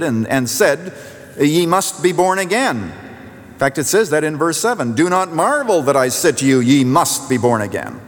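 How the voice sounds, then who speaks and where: A man preaching a sermon as pastor, emphatic and repetitive for force, dropping to a hush at key endings. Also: fairly low pitch, vocal fry, big-room sound. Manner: emphatic, repeats phrases for force, drops to quiet at endings.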